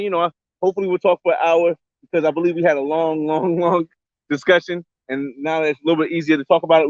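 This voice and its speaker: A man's voice: on the high side, no echo. Give me a young man chatting slangy on a phone live stream, dry close sound. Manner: loose slangy talk, shout-outs to viewers. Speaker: live-streaming travel vlogger. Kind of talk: casual live-stream chat. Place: outdoors on a beach by a boat landing. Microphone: phone camera held by hand. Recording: slightly dull lo-fi phone audio.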